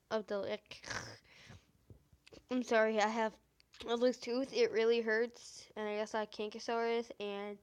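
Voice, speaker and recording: A woman with a high, squeaky voice reads a fan-fiction story aloud, halting and stumbling through it with many fillers and restarts.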